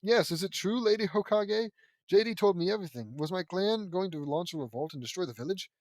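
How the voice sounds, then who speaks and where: A man's voice: sits high, a little fast, a little mellow, dry recording, natural voice. A man reading the lines of a brooding teenage boy ninja in an audiobook, barely acted. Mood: plain.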